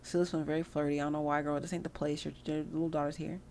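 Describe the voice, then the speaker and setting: A woman's voice: low-pitched, flat delivery, very fast, vocal fry, darkish tone, a little hiss or hum. A young woman giving casual, slangy gameplay commentary, chatty and freely swearing. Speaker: gameplay video host.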